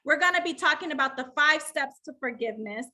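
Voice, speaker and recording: A woman leads a live online motivational session. Her voice sits high, and she talks like a preacher, calling to her audience for answers. The tone is bright and forceful throughout. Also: expressive, fast. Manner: preacher-like call and response with the audience. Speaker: life coach.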